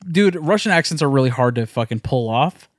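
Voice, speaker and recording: Brief: young male podcast co-host, casual and excitable, mid voice, dry close mic. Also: mid-range voice, no room sound. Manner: enthusiastic, swearing, quick movie recommendations. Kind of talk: casual chat.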